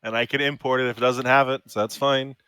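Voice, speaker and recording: Young male player, mid pitch, bright tone, casual with swearing. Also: little pitch movement, quick pace, smooth, no echo. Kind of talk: casual tabletop game play.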